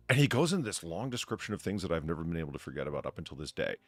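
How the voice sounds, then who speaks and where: A man with a low voice that swings widely in pitch hosts a live stream, reading donations and chatting loosely. He swears freely and laughs a lot. The sound is dry and close, with faint music underneath. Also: very animated, rapid-fire, few pauses, no room sound. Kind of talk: casual live-stream chat.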